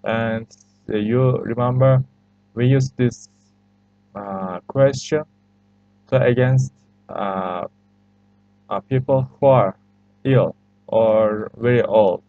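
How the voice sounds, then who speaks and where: A man's voice: medium pitch, takes it slowly, long pauses, dry recording. A man with a Turkish accent, a native Turkish speaker, teaching a language lesson over a screen recording. He talks with patient hesitations and repeats phrases for learners. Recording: slightly muffled lo-fi recording.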